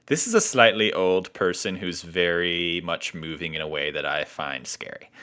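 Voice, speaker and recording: A man's voice: deep voice, normal speed, sharp tone, smooth. A man co-hosting a casual film podcast, chatty, with lots of fillers and restarts. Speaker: podcast co-host.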